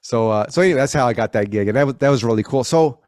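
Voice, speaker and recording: A man's voice: medium pitch, rapid-fire, darkish tone, dry recording, clean studio sound. A middle-aged man telling anecdotes in a casual interview as a guest, with frequent restarts and self-corrections, and he acts out the voices he quotes. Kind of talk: casual conversational storytelling.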